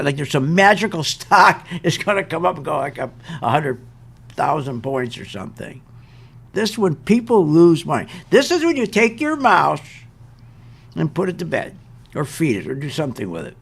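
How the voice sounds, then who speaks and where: A man's voice: fairly high pitch, sing-song, normal speed, creaky, breathy edge. An older man hosting an investment show, ranting in an exasperated, emphatic way and hammering his points with repetition. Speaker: show host. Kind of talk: animated market commentary rant.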